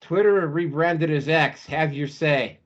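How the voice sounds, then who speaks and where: A man hosting an online call discussion, briskly moving from topic to topic. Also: on the high side. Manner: brisk, keeps things moving. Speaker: host moderating topics. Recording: dull call audio.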